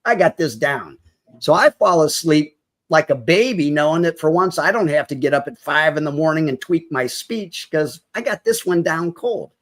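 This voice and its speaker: A man with a somewhat high-pitched voice talks as a podcast guest. He tells a personal story with feeling and slips into the voices of the people in it. At moments he comes close to tears. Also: expressive, moderate pace. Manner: vivid storyteller who acts out quoted dialogue.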